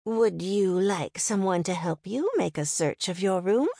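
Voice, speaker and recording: A woman's voice: mid-range voice, a little slow, creaky, mellow, no room sound, clean studio sound. A woman doing a sweet but defiant motel owner. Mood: sweetly soothing. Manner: overly sweet, then firm.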